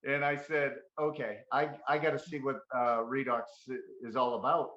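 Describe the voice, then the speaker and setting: A man's voice: mid-range voice, moderate pace, roomy sound, highs cut off. A man on a call, animatedly telling a story and acting out the dialogue in it. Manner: animated, acts out quoted dialogue. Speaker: caller giving a testimonial. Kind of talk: casual storytelling.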